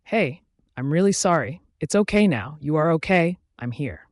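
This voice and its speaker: A man's voice: fairly high pitch, expressive, normal speed, no echo, clean studio sound, lightly acted. A man voicing an earnest young bride. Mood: soothing. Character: earnest young woman, a new bride, tender.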